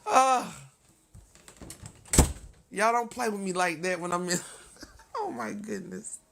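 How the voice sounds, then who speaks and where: A woman's voice: fairly low pitch, normal speed, creaky, fairly bright tone, a little hiss or hum. A woman hosting a casual livestream, ranting heatedly and profanely straight at her viewers, breaking off to laugh and apologize. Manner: laughs often, apologetic asides. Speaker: livestream host.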